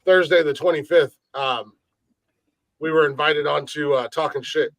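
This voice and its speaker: Halting man repeating his words. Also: on the high side, fairly even intonation, dry recording, low-quality recording. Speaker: podcast guest who also hosts a music show. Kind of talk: casual podcast chat.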